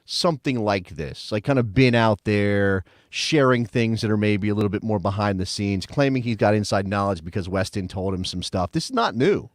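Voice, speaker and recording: A man co-hosting a casual sports podcast chat, jokey and animated, laughing often. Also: fairly low pitch, moderate pace, hardly any pauses, dry recording, clean studio sound. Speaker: co-host.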